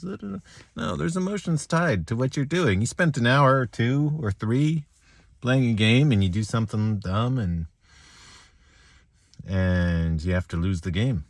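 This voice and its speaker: A man talking to his viewers after a lost chess game, joking at his own expense with halting restarts and small laughs. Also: medium pitch, animated, dry recording. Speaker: chess vlogger. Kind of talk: rambling self-deprecating reflection.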